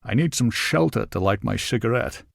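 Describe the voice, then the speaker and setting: A man's voice: mid-range voice, lively intonation, normal speed, creaky, no room sound. A man playing a tall, balding older film star who speaks curtly and firmly with dry humour, in a storybook reading. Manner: curt, firm, dry humour. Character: terse older famous actor, tall and balding.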